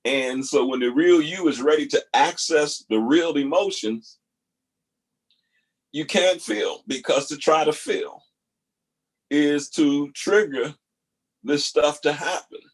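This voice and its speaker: Slow, husky man reflecting earnestly. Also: fairly high pitch. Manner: slow, emphatic, repeats key phrases. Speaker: host reacting to video clips. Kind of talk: reflective spoken commentary.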